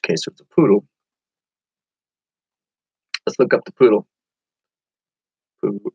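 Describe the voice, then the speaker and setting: A man's voice: fairly low pitch, unhurried, darkish tone, slightly rough, no echo, dull audio. A man chatting casually on a live stream as an online reseller, rambling to viewers and reading their comments aloud.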